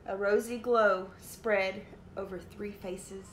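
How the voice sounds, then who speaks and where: A woman preschool teacher reading a picture book aloud to young children in an animated, sing-song way, in an echoey room. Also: fairly high pitch, unhurried. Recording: echoey room, faint noise.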